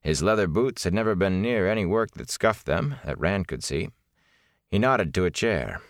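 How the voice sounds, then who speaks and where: A man with a very deep voice narrates a fantasy audiobook, measured yet lively in pitch as he tells the story. The recording is close and dry, with no room sound. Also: no room sound.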